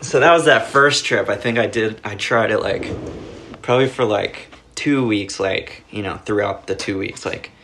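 A man's voice: on the low side, normal speed, vocal fry, a bit bright, a little hiss or hum. Laid-back young man rambling through a story. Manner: rambling, heavy on filler words and profanity. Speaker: podcast guest. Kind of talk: casual storytelling chat.

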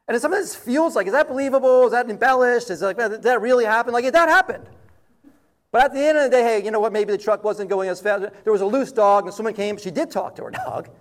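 A male pastor with a fairly high voice preaches in an easygoing, conversational way. He drifts into a lively personal anecdote with animated asides before settling into prayer. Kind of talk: sermon.

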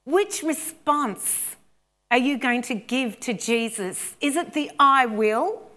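Australian woman pastor, a little high-voiced and slow, chatty story that builds to fervent calls. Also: lively intonation, pushed and bright. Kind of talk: sermon.

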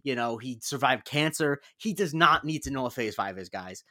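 A man's voice: medium pitch, expressive, moderate pace, bright, forceful tone, no room sound, studio quality. A man co-hosting a podcast in casual chat, rambling and opinionated with frequent restarts. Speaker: podcast co-host.

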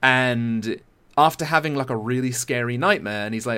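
A young man from Britain chatting casually, retelling a film scene with lively impressions. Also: medium pitch, normal speed, clear, resonant tone. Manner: animated storytelling with impressions. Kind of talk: casual chat.

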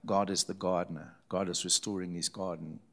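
A man's voice: low voice, little pitch movement, fairly quick, fairly bright tone. A man, a preacher, earnestly recounting a story as a testimony and repeating phrases for emphasis.

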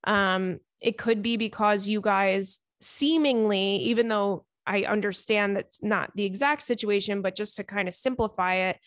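A woman host speaks close to a dry, unechoing microphone. Her voice sits at an ordinary mid pitch. She reads a listener's letter aloud and then answers it in an earnest, chatty way, with plenty of fillers along the way. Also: steady tone, moderate pace, hardly any pauses, dry recording. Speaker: podcast host giving advice.

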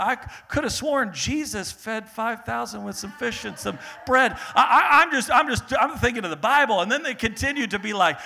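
Lively young pastor preaching. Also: male voice, sits high, fairly quick, creaky, few pauses. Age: young adult. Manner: animated, laughing, builds to loud peaks then drops to soft earnest tone. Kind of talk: sermon.

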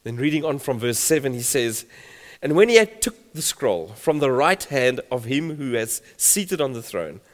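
A man's voice: mid-range voice, very animated, moderate pace. A man preaching a sermon, reading scripture emphatically and building in volume. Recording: long hall reverb.

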